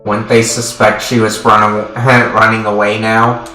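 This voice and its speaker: Bright-voiced man reading game text. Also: on the low side, little pitch movement, unhurried. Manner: reads lines in a plain voice with frequent chuckles. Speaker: game streamer. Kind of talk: reading game dialogue and narration aloud. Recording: roomy sound with game music behind.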